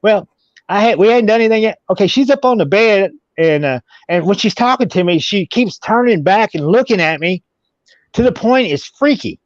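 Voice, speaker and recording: A man telling a long story as an interview guest, halting and repeating himself as he goes. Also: high-pitched, lively intonation, no room sound. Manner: halting, repeats words and restarts. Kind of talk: casual storytelling. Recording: dull, dry audio.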